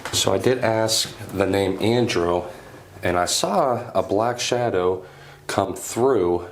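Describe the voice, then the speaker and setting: A man's voice: low-pitched, slight background noise. A man on a paranormal investigation, talking with his team and calling out questions to spirits inside an old house. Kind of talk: ghost hunt chatter.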